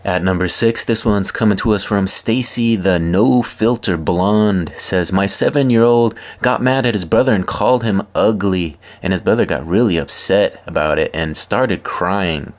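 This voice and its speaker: Deep-voiced man reading funny posts. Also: moderate pace, few pauses. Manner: wry deadpan asides between readings. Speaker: host reading viewer posts. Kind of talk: comedic reading of social media posts.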